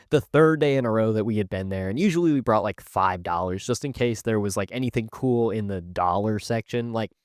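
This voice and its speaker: A young man spins a story for his viewers in a loose, chatty way, peppering every line with filler and little jokes. His voice sits at an ordinary middle pitch. The sound is dry and close, with no room around it. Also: no room sound. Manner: chatty, filler-heavy, jokey asides. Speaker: YouTuber telling stories. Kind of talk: casual storytime narration.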